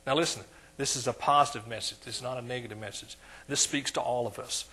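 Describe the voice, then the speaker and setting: A man with an East Texas accent preaching a sermon in a church, calling for amens and swinging between quiet asides and loud emphasis. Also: medium pitch, steady tone, fast, breathy edge.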